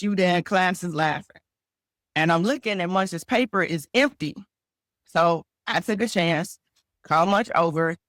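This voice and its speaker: Woman, teacher guest, anecdotal and expressive, dry booth sound. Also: fairly low pitch, no room sound. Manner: vivid anecdotes with acted-out quotes. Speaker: educator guest. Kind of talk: storytelling interview talk.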